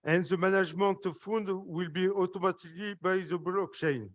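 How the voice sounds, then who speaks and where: A man with a French accent giving an earnest, halting stage speech, full of fillers and apologies. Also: high-pitched, steady tone, no room sound. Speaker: guest speaker presenting a project.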